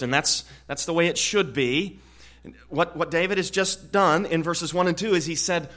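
A man preaching an expository sermon in an earnest way, often repeating words and growing louder on key points. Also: fairly high pitch, normal speed. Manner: earnest, frequent word repetitions, swells louder on key points.

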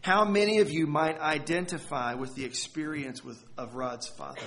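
A male pastor with a slightly higher-pitched voice delivers a sermon as a story. He talks earnestly, stumbling over and repeating words, and leans on dramatic pauses. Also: fairly even intonation, fairly bright tone.

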